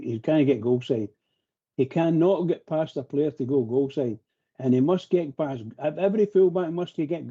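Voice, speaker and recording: A man's voice: fairly high pitch, mellow, highs cut off. A man talking passionately on a live radio phone-in, rambling and repeating himself as he gets worked up. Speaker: phone-in pundit.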